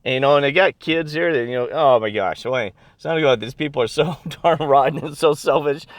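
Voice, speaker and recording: A middle-aged man chatting casually to camera, rambling and excitable with lots of fillers and restarts. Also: a little high, brisk, few pauses, dry recording. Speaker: video blogger. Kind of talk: casual chat.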